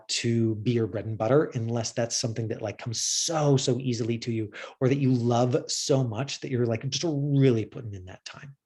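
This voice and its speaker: A man's voice: medium pitch, darkish tone, breathy edge. A man teaching acting on camera, talking casually and rambling with many restarts. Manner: rambling, full of fillers and restarts. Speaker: acting coach.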